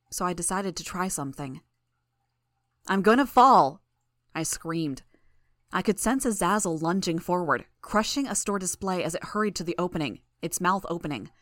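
Low-voiced woman narrating an audiobook. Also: expressive, brisk, dry recording, clean studio sound. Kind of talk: first-person audiobook narration.

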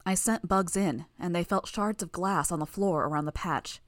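A woman reading a first-person audiobook in a steady, measured way. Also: on the low side, no room sound, studio quality. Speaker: audiobook narrator.

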